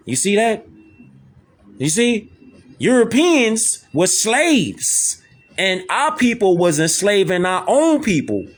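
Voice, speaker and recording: Host, male, slow emphatic commentary, swooping high voice, keeps pressing "see that?". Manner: insistent, repetitive, keeps asking "see that?". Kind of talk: emphatic commentary over images and video.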